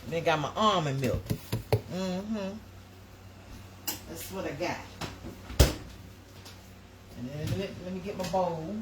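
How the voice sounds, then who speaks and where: A woman's voice: on the low side, slow pace, pauses often. Brief: middle-aged woman, rambling live-stream host, chatty, noisy home recording. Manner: chatty, rambling, talks to viewers as y'all. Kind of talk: casual live-stream chat.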